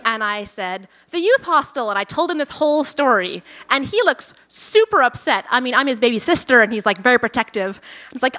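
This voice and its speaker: A woman telling a personal story live on stage at a venue event, lively and self-amused, acting out her own thoughts. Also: fairly high pitch, a little fast.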